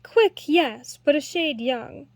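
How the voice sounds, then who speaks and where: A wise older master harper, measured and kindly yet firm, as a woman reads him in a storybook. The voice sits high and the recording is dry and close. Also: animated, dry recording, exaggerated voice.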